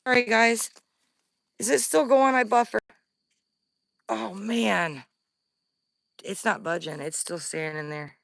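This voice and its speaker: A woman vlogging from the woods on her phone, scared and breathing heavily, often dropping to a hushed whisper. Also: mid-range voice, slow pace, vocal fry, pauses often, no room sound, clean studio sound. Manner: jittery, drops into hushed whispers. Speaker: paranormal vlogger. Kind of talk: live outdoor investigation vlog. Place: woods outdoors.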